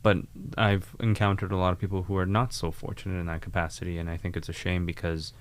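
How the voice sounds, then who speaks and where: A man's voice: low-pitched, little pitch movement, fast talker. A young adult man hosting a podcast, who talks in an earnest, reflective way. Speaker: podcast host. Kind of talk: casual podcast conversation.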